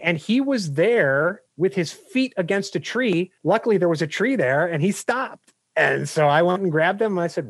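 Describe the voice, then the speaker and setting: A middle-aged man, a business coach and guest, talking in an energetic, emphatic way full of anecdotes. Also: sits high, normal speed, dry recording, studio quality. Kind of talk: interview answers.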